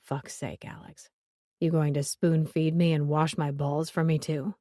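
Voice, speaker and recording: A woman voicing a gruff, sullen bearded man with a hurt hand, speaking curtly in an audiobook. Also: sits low, flat delivery, a little slow, dark tone, no room sound, studio quality. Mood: angry. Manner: growling, curt, sullen. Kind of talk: audiobook character voice.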